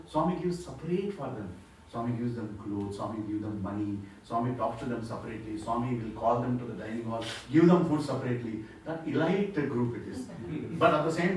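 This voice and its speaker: A man's voice: mid-range voice, a little mellow, recorded from a distance, slight background noise. A man gives a devotional talk, telling stories and asking the listeners rhetorical questions. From India. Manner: storytelling with acted quotes, preacher's rhetorical questions. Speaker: spiritual speaker. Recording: echoey hall, mic heard from afar.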